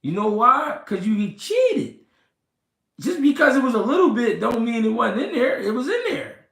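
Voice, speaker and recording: Animated man livestreaming, high voice, roomy echo. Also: vocal fry. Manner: animated, repeats himself, swears, talks slow and deliberate. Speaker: livestream host reading comments. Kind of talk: casual livestream talk about boxing.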